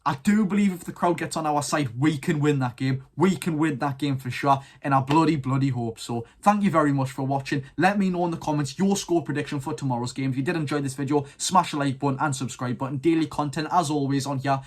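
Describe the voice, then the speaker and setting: Chatty teenage Geordie football fan. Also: male voice, a little high, fast, hardly any pauses. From North East England. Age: teens. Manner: chatty, rambling, keen opinions. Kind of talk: casual football chat to camera.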